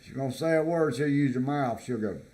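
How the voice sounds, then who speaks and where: A man from the United States, vlogging in a casual, halting way, reading items from a list and commenting with repeated words and fillers. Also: medium pitch, a little mellow, slight background noise.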